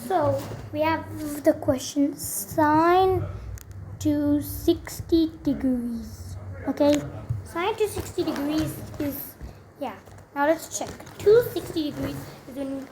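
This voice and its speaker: A woman's voice: high voice, slow pace, noisy background. A young woman tutoring math in a casual, chatty way, full of fillers and self-corrections. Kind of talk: casual explaining while writing.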